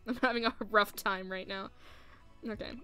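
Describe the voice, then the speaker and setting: A woman's voice: medium pitch, steady tone, moderate pace, sharp tone, clean tone, faint music behind. A woman streaming a building game, scolding the furniture in exasperation and laughing often between complaints. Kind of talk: live gameplay commentary.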